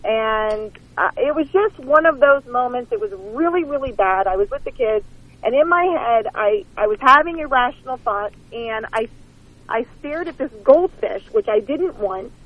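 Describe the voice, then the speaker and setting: Woman guest calling in by phone: a candid, self-mocking storyteller with a slightly high voice, slightly muffled sound. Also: expressive, moderate pace. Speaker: author and guest. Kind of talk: phone-in interview, casual storytelling. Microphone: phone line.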